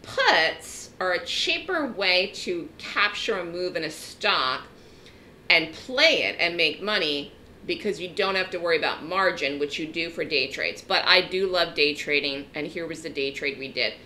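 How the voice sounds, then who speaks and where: A woman's voice: fairly low pitch, lively intonation, a little slow, pushed and bright, slight background noise. A woman teaching a trading lesson in an emphatic, direct way, often checking in with her listeners. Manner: emphatic, direct, frequent "okay?" check-ins. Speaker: trading educator. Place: trading room webinar.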